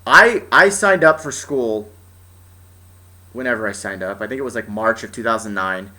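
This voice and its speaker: Bright-voiced young man ranting. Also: on the low side, normal speed. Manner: exasperated, profane, restarts often. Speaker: vlogger. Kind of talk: ranting personal story.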